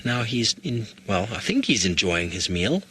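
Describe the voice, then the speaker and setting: A man giving live wildlife commentary as a safari guide outdoors, excited and often restarting his phrases. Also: on the low side, moderate pace, slightly rough.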